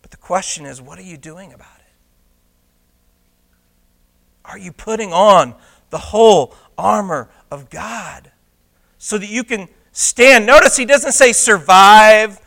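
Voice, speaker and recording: A man preaching a sermon as a pastor, swinging between loud emphatic declarations and hushed intimate asides, asking the congregation rhetorical questions. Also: high voice, animated, measured pace, creaky.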